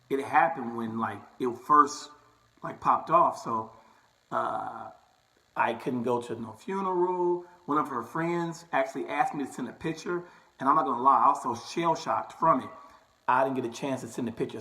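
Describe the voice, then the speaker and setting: Speaking in a mid-range, pushed and bright voice over poor audio, this man is a young barber who vlogs. He shares a personal story casually with viewers, chatting along and repeatedly tossing in "right?" and "okay?"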